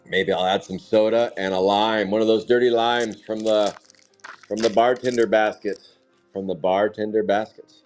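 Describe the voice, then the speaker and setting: A man's voice: lowish voice, darkish tone. Rambling joking man hosting a card break. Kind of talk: casual live-stream chatter.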